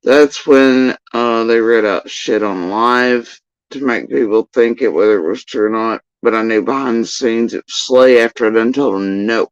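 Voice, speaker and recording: A man's voice: medium pitch, normal speed, clean tone, dry recording. A man telling a long, agitated, profane story on a livestream, repeating himself as he goes. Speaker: livestreamer recounting personal events. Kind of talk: rambling livestream monologue. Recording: dull lo-fi stream audio.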